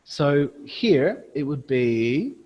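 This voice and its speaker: A man leads a phonics training, speaking slowly and carefully in a slightly raised voice, modeling sounds and chanted questions for young learners. A long reverb hangs on his voice, as if he is recording in a hall. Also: fairly high pitch, very animated, muffled recording. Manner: slow, deliberate teacher voice, exaggerated phonics sounds and chanting prompts. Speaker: teacher trainer. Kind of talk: online teacher training with classroom demonstrations.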